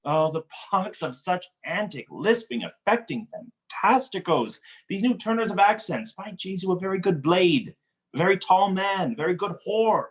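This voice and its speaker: With a high voice at normal speed, a man reads a witty young nobleman who mocks others, part of a stage-play cold read over video call. He delivers the teasing wordplay in a playful, animated way.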